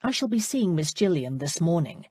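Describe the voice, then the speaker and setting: A woman voicing a kind, modest young country parson who speaks with gentle restraint. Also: fairly low pitch, very animated, normal speed, breathy edge, no room sound. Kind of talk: audiobook character voice.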